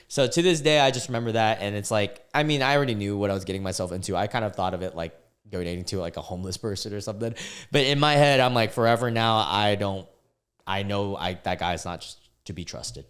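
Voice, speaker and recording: A young man hosting a casual online video, reacting to posts in a halting way and often stumbling and restarting his words. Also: lowish voice, smooth. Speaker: YouTube reaction host.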